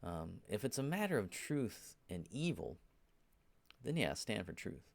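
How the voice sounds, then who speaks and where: A man's voice: fairly low pitch, very animated, unhurried, creaky. A man giving an informal Bible teaching, often checking in with "right?" and "you know", and turning emphatic when he urges his listeners. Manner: grows emphatic when exhorting.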